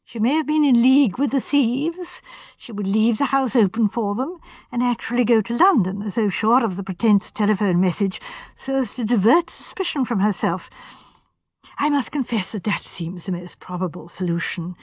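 A woman reading as a shrewd, gentle elderly spinster, talking softly with hesitant pauses. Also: fairly high pitch, breathy edge, no echo, studio quality. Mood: musing. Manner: soft, hesitant, musing.

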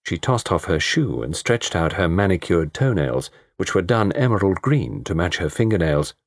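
Low husky male narrator. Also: normal speed, dry recording, clean studio sound. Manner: expressive, varied storytelling delivery. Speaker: audiobook narrator. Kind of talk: scripted narration.

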